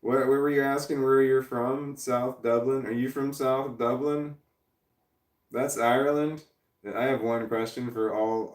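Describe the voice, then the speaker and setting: A man's voice: medium pitch, a little mellow. Rambling man in his forties, roomy distant sound. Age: 40s. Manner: rambling, swears freely, chuckles often. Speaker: livestreamer reading chat. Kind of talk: casual livestream chat.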